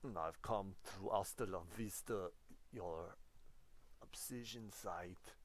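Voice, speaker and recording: A man's voice: low-pitched, slow pace. A man doing a boastful action-hero governor. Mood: mock-menacing.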